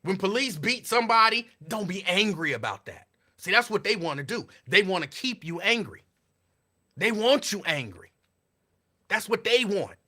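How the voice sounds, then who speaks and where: A man, talking as a host in casual, sarcastic commentary. His voice is high and very bright. He swings his pitch widely as he repeats his points like a sermon. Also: animated, moderate pace. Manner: preachy, repetitive, sarcastic.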